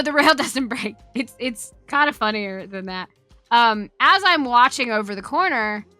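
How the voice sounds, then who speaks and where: Woman VTuber host, sharp high voice, swears freely and laughs through her story, close dry mic with faint music underneath. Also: no room sound. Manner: animated, profane, laughs while telling. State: tired. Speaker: VTuber streamer. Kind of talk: casual storytelling on stream.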